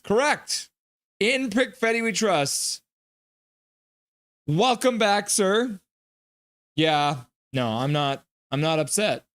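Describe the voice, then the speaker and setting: A man's voice: on the high side, dry recording. Chatty man reading live chat. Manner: reads viewer comments aloud and riffs on them; chatty, loose, many fillers. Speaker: livestream host. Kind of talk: casual live-stream chat.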